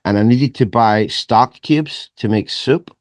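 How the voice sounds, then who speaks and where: A middle-aged man from Scotland with a Scottish accent softened toward transatlantic, swearing freely as he chats and tells stories as a podcast guest. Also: medium pitch, slow, no room sound. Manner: profane, animated storyteller who repeats words. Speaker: guest author. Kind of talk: casual podcast chat.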